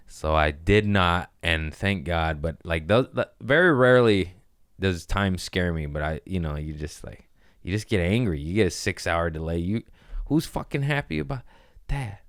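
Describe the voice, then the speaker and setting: A man's voice: low-pitched, lively intonation, normal speed, fairly bright tone, dry recording. A man hosting a comedy podcast, telling stories in a laid-back, slangy, profane way close to the mic. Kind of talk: casual storytelling chat.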